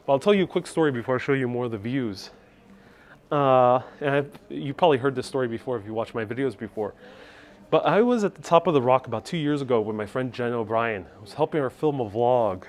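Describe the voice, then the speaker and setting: A man with a medium-pitched, darkish voice narrates a casual live-stream tour from a skyscraper observation deck, reading viewer comments aloud as he goes. He's using a wireless clip-on mic with his phone on a gimbal.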